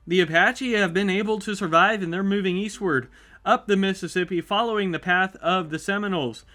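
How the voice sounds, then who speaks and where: Guy narrating a map sim battle, voice sits high, chatty and hyped, little bit of music under it. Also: brisk. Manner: upbeat, chatty, reacts with excitement. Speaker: YouTube host. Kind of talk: live commentary on a map simulation.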